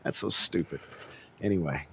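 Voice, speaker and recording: A man's voice: deep voice, normal speed, creaky, a bit bright, slightly rough, dry recording. A man hosting a casual review podcast, joking around and often restarting his sentences. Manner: joking, flustered, lots of restarts. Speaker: podcast host.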